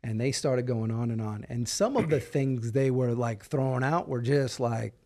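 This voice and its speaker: Mellow-voiced man telling a story. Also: medium pitch, normal speed. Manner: animated, acts out dialogue. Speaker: podcast guest. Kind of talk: casual storytelling.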